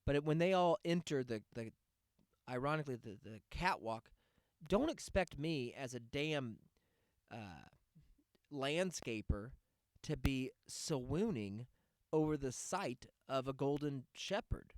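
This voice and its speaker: A man's voice: medium pitch, expressive, slow pace, dry recording, studio quality. A man hosting a podcast, going on a sarcastic, profane rant in a casual monologue. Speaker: podcast host.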